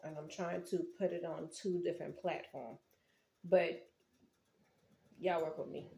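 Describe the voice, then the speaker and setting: Woman, low voice, chatty cooking vlogger, echoey room, faint background hum. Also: mellow. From Charleston, South Carolina. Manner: chatty, talks straight to viewers. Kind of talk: casual cooking vlog.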